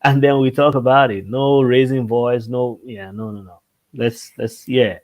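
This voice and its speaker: A man talking as a panelist in a casual discussion, animated, repeating phrases and checking in with his listeners. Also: medium pitch, unhurried, rough recording. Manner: animated, repeats phrases and asks "see what I'm saying?".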